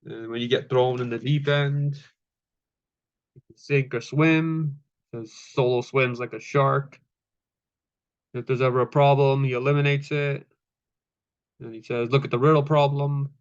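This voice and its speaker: A man's voice: mid-range voice, steady tone, unhurried, pauses often, clean tone, highs cut off. Laid-back swearing man recapping wrestling. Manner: laid-back, swears freely, many fillers, acts out quotes. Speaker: wrestling show reviewer. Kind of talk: casual recap chat.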